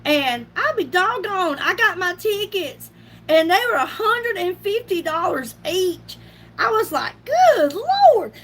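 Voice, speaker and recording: With an extremely high, sharp, animated voice and an unhurried delivery, a middle-aged woman hosts a casual makeup live chat. She laughs a lot and greets viewers by name over a little hiss or hum.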